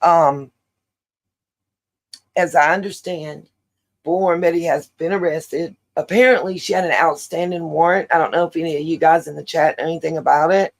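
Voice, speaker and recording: Gravelly woman rambling on livestream. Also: deep voice, steady tone, moderate pace, rough recording. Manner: rambling, chatty, many fillers. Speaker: livestream host. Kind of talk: casual livestream chat.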